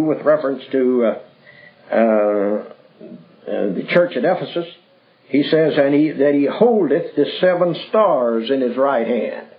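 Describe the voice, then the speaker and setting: An older man preaching a Bible study, rambling and folksy with many pauses and fillers. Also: mid-range voice. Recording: tinny phone-like lo-fi recording.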